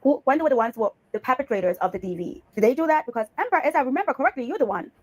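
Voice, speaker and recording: This commentary host from Bali reacts to clips with sarcastic scolding, addressing her target as "honey." She speaks rapid-fire in a high-pitched voice with lively intonation.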